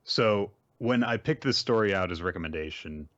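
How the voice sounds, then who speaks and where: A man hosting a podcast, summarizing a manga series in a rambling, measured way with lots of fillers. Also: lowish voice, animated, a bit bright, dry recording. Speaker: podcast host. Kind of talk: casual chat and series summary. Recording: dry, dull lo-fi mic.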